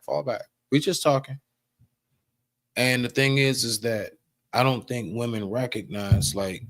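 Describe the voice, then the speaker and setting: A man co-hosting a casual livestream talk, animated, swearing freely and slipping into acted quotes. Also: deep voice. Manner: swears freely, street slang. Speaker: podcast co-host.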